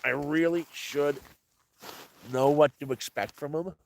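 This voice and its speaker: A man's voice: on the high side, steady tone, measured pace, vocal fry, slight background noise. A man talking casually to his viewers in a rambling way, restarting and repeating himself often. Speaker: vlogger. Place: rural off-grid homestead, cold.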